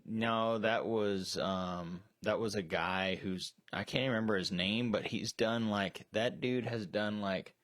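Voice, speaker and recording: A man's voice: lowish voice, fairly even intonation, takes it slowly, few pauses, a bit bright, dry recording, clean studio sound. A man co-hosting a casual movie chat on a live stream, rambling with many restarts and fillers. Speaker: co-host. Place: storage shed.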